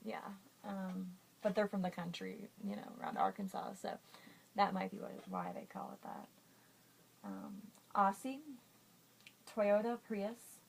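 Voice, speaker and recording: A woman's voice: medium pitch, very animated, normal speed, gravelly, low-quality recording. A woman vlogger reading a list of words aloud in a casual, giggly, self-conscious way.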